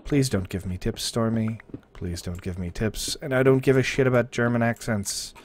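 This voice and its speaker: A man's voice: mid-range voice, fairly even intonation, moderate pace, slight background noise. A man hosting a livestream, chatting casually and jokingly with viewers while playing a game, rambling and easily distracted. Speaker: livestream host.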